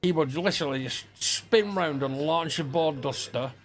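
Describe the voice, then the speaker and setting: A man's voice: on the high side, normal speed, slight background noise. A middle-aged man, rambling and swearing through school anecdotes while playing a game. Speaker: gaming streamer. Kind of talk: casual storytelling over gameplay.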